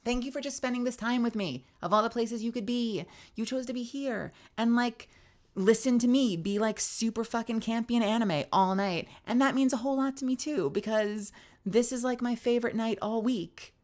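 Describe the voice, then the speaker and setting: A woman's voice: fairly high pitch, moderate pace, a little mellow. A young woman streamer with a tired, strained voice, chatting animatedly, laughing and swearing freely. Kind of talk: casual stream outro chat.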